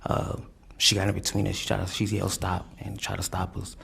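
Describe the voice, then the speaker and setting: A young man testifying in court, halting and repetitive, with many fillers and restarts. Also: low voice, completely flat delivery, creaky, a crowd in the background. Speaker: defendant testifying.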